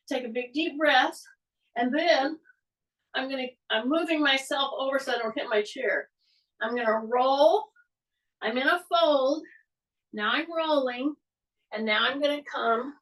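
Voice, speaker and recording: A woman's voice: high voice, pushed and bright, far from the mic, low-quality recording. An older woman, a fitness instructor, talking through a floor exercise as she demonstrates it, encouraging and direct. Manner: encouraging, talks while demonstrating moves on the floor.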